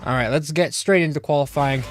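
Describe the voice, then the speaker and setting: A man's voice: a little high, brisk. A man streaming a racing game live, commenting casually and greeting his chat. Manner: eager, casual, talks to chat. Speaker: gaming streamer.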